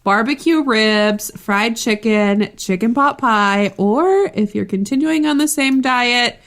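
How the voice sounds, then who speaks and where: A woman's voice: fairly high pitch, takes it slowly, fairly bright tone. A woman co-hosting a podcast in casual chat, laid-back, laughing often and swearing casually. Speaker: podcast co-host.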